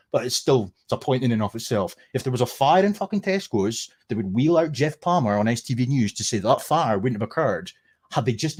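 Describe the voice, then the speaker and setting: Scottish man, livestream host, sarcastic, sweary, mid-pitched voice. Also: a little mellow, slightly rough. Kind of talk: casual livestream commentary.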